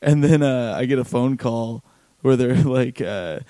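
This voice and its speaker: Relaxed male comic host, tired, easygoing, mellow and dry. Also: medium pitch, measured pace, no echo. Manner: laid-back, laughs often, swears. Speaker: stand-up comedian, podcast host. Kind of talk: casual chat.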